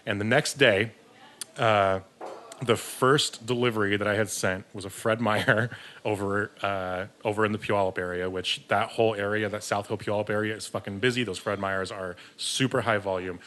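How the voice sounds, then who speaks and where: A man's voice: on the low side, fairly even intonation, normal speed, a bit bright. A man, a podcast guest who works in beer distribution, telling a rambling story in casual chat, swearing freely and laughing at himself.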